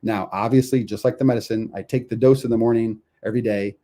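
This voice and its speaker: A man's voice: mid-range voice, fairly even intonation, quick pace, warm tone. A middle-aged man hosting a podcast, explaining a lesson in a conversational way, asking the listener questions and acting out inner voices. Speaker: podcast host.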